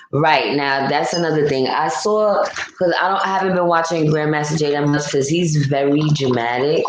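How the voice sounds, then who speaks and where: A woman with a notably low voice talks through a casual live-stream commentary. She rants bluntly and reads out chat comments. The sound bounces around an echoey room with a faint hum behind her. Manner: blunt, opinionated ranting while reading chat comments. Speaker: livestream host.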